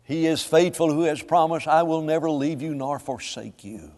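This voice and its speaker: A man preaching a sermon to a congregation, swinging between hushed lines and loud, drawn-out emphasis. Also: a little high. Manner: dramatic swings from soft to loud, slow emphatic phrasing. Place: church sanctuary. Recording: long hall reverb.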